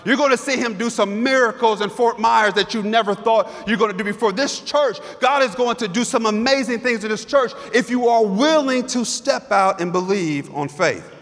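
A man's voice: very high voice, normal speed, hardly any pauses, a bit bright. A man preaching a sermon in a church, emphatic and repetitive, building with rhetorical questions. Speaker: guest preacher. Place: church sanctuary. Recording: long church reverb.

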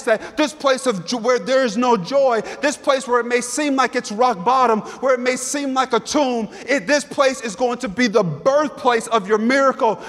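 A man's voice: extremely high pitch, a bit bright. A man preaching a sermon in a church, emphatic and repetitive, building with rhetorical questions. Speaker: guest preacher. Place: church sanctuary. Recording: long church reverb.

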